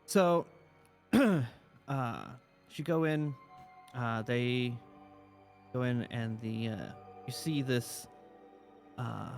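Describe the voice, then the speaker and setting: A man running a tabletop game as game master, casual and hesitant, with many fillers, then reading scene narration. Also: medium pitch.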